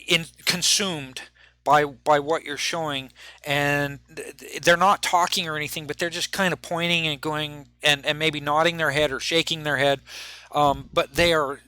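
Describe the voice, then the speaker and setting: A man's voice: a little high, fairly even intonation, moderate pace, bright, forceful tone, smooth, dry recording. A man narrating a tabletop game as game master, chatty and full of restarts.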